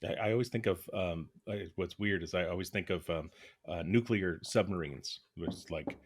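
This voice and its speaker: A man co-hosting a podcast in casual conversation, speaking haltingly with frequent restarts as he searches for his words. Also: sits low, background noise. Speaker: podcast co-host.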